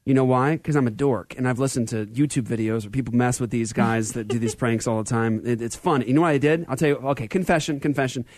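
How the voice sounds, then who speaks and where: A male radio show host chatting casually, telling stories in an animated way and laughing often. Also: mid-range voice, fast, few pauses, dry recording. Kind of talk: casual chat.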